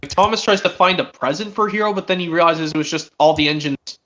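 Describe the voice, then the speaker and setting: A man's voice: a little high, quick pace, bright, forceful tone, slight background noise. A teenage boy streaming a casual chat, rambling with many restarts as he retells cartoon scenes. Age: teens. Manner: rambling, restarts often, quotes characters.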